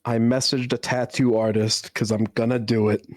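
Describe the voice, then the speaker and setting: A man chatting casually as a stream guest, telling stories in an animated way. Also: medium pitch, normal speed, dry recording, studio quality. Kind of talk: casual chat.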